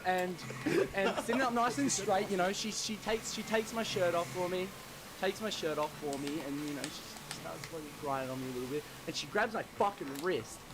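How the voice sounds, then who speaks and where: High-voiced man rambling through a story. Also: normal speed. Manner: rambling, swearing, laughing. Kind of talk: casual storytelling chat. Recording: clear background noise.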